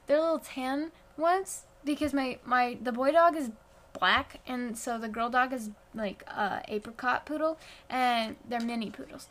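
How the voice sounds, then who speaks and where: High-voiced, rambling woman podcaster. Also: normal speed, a bit bright. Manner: rambling, chatty, self-deprecating, many fillers. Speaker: podcast host. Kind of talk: casual chat. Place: at home, sitting on the floor. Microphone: phone.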